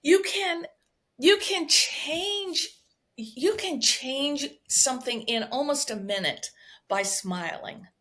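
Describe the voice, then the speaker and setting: A woman's voice: high voice, expressive, takes it slowly, a bit bright. A woman speaking as a guest somatic healer on a podcast, explaining expressively and checking in with frequent "right?" asides. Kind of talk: conversational podcast interview.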